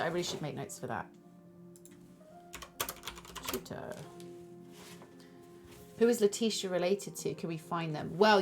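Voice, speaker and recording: A woman streaming a detective board game, chatting casually, thinking aloud and thanking viewers as she plays. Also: low-pitched. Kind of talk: casual chat while playing a board game.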